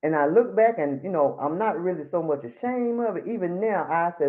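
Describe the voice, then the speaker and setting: A woman's voice: lowish voice, animated, a little fast, few pauses. A middle-aged woman giving a blunt, emphatic testimony at a Bible study, speaking with candid humor. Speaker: church member giving testimony. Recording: tinny phone-like line.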